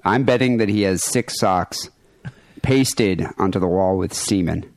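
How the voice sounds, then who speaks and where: A man's voice: deep voice, measured pace, dry recording. A man hosting a podcast, joking and teasing his caller in casual crude chat. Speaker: podcast host.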